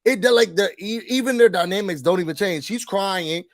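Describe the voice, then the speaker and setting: Guy with a high voice ranting about a reality show, dry sound, lots of mimicking. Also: no echo. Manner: animated, exasperated, talks straight to the people on the show; mimics the show's people in quick put-on voices. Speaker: reality TV reviewer. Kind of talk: casual rant to camera.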